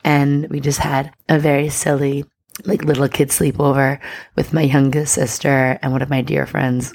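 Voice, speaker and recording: A woman with a low, gravelly, raspy voice chats breezily as a podcast host. Her talk is loose and upbeat, full of casual asides. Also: darkish tone, no echo. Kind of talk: casual spiritual podcast chat.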